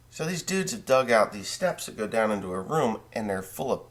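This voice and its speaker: A farmer vlogger telling a long, rambling dream story in a casual way, full of profanity and self-corrections. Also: male voice, on the low side, expressive, fairly quick, hardly any pauses.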